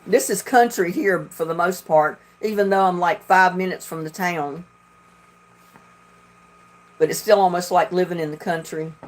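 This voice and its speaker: A woman's voice: on the low side, normal speed, pauses often. A woman from North Carolina with a Southern accent, chatting casually and telling rambling stories as she hosts a livestream. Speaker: livestream host.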